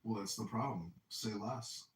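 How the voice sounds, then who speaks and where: A man with a lowish, unhurried voice hosts a podcast, spinning boastful, rambling stories in crude, casual banter. The recording sounds roomy and distant, with faint background noise.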